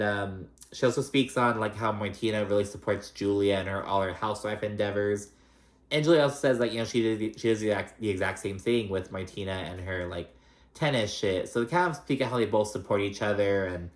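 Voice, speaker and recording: A man casually recapping a reality show, chatty, sassy and profane, with many filler words. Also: fairly low pitch. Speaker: recap vlogger.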